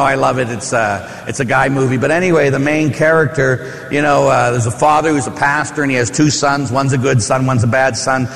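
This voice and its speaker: A man's voice: a little high, fairly bright tone, big-room sound. A man, a Catholic priest giving a conversational, story-filled sermon with asides and rhetorical questions. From Pittsburgh.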